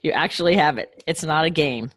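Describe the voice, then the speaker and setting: A woman's voice: sits low, a little fast, fairly bright tone. A woman hosting a podcast interview, asking questions in an encouraging way. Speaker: podcast host.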